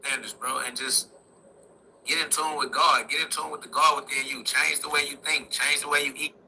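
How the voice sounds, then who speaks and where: Bright, gravelly young man preaching. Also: a little high, flat delivery, normal speed, a little hiss or hum, rough recording. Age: young adult. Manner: repetitive exhortations punctuated with "facts". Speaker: motivational speaker. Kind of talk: impassioned street-style preaching.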